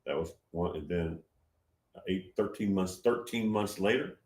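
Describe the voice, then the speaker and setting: Male livestream host with a slightly low voice, casual and emphatic, circling back on his words, recorded with room echo. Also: unhurried, a little mellow. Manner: rambling, repeats himself, emphatic.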